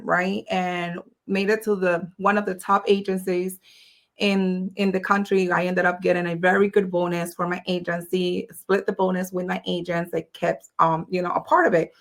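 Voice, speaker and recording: A woman's voice: medium pitch, a bit bright. A woman guest speaking in a casual, chatty way on a podcast interview, with many "you know"s and "like"s. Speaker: guest entrepreneur.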